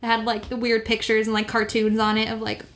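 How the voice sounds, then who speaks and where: A woman's voice: a little high, completely flat delivery, fast talker, a little hiss or hum. A woman in casual chat, telling a travel story with lots of "like" and acted-out quotes. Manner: chatty, full of "like" and quoted voices. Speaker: podcast guest recounting a trip.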